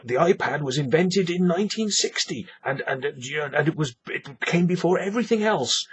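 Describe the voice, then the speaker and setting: A man's voice: fairly high pitch, breathy edge, muffled recording. A man ranting on his vlog, profane, sarcastic and rambling. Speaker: vlogger. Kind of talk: ranting monologue.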